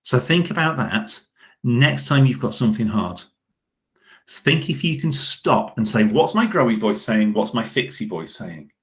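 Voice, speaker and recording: A man's voice: medium pitch, big pitch swings, a little slow. Upbeat man leading a school assembly. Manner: encouraging, upbeat, addresses children directly. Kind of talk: school assembly talk to children.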